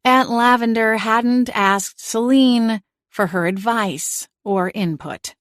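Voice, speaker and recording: A woman's voice: on the high side, takes it slowly, dry recording, studio quality. Wry woman narrating an audiobook. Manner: wry, lively storytelling. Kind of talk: first-person audiobook narration.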